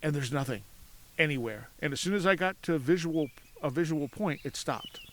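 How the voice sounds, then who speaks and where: Guy telling a creepy story outdoors, animated, doing everyone's voices, kinda high pitched. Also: moderate pace. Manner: animated, acts out voices in his anecdotes, laughs often. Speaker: podcast guest. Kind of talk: casual storytelling. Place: outdoors at a cemetery.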